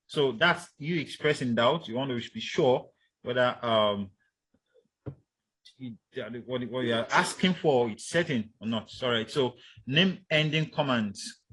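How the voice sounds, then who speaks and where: Male lecturer, mid-pitched and unhurried, stops for fillers and demonstrates intonation patterns aloud. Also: fairly bright tone, breathy edge. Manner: halting, frequent fillers, acts out example intonations. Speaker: linguistics lecturer. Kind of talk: university lecture.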